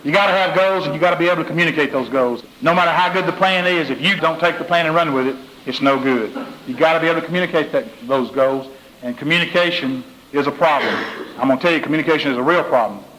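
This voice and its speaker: A motivational speaker works through folksy stories and jokes. His voice sits a little high for a man, and he drives points home by repeating short phrases. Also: quick pace, a bit bright, rough recording.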